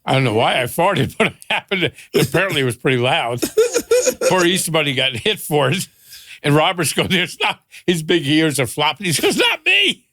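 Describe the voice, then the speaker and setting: A man's voice: on the high side, animated, a little fast, fairly bright tone, no room sound, studio quality. An older man, a father on a podcast, telling family stories casually and laughing through them.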